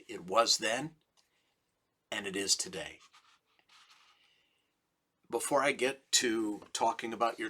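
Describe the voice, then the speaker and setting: Slow, bright-voiced man preaching. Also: low-pitched, husky. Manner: slow, deliberate preaching with emphatic repetition. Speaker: rabbi. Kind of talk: recorded sermon message.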